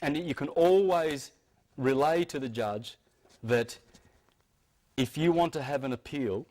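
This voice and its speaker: A man speaks to an audience in an emphatic, insistent lecture. He often restarts his sentences as he presses each point. His pitch sits at a middling level for a man. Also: measured pace, darkish tone.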